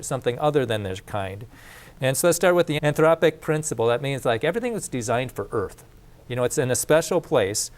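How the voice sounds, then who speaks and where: A plain-spoken man lecturing. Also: medium pitch. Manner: conversational, repeats and restarts, plain speech. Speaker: teacher of a creation course. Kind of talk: casual classroom lecture.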